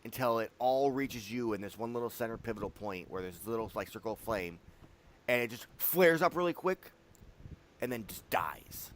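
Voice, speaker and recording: A man narrating as game master of a tabletop game, loose and chatty, acting out quick quotes as he describes the scene. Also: mid-range voice. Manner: animated, loose, full of "like" and acted-out quotes.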